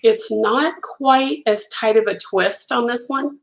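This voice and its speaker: Chatty woman crochet host, slightly hoarse. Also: on the high side, slow, rough recording. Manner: chatty, enthusiastic, admiring, talks to viewers by name. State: losing her voice, clearing her throat. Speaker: crochet designer hosting a live stream. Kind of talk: casual live-stream chat.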